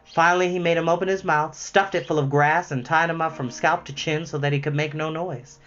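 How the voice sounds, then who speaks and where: A man reading a children's novel aloud as storyteller, with lively expression. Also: fairly high pitch, fairly quick, faint music behind. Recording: slightly muffled lo-fi recording.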